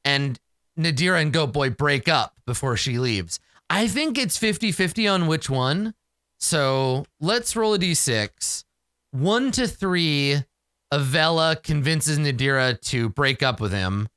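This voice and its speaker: A man's voice: fairly high pitch, expressive, unhurried, a bit bright, no echo, studio quality. A man narrating a solo tabletop game, talking to himself and swearing freely.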